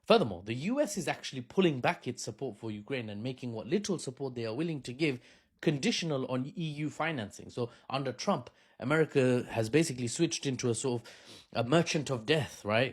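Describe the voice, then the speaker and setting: A man's voice: mid-range voice, expressive, brisk, husky. A man delivering an opinionated political commentary in a loose, conversational way. He argues his points directly and keeps throwing in rhetorical asides to the listener.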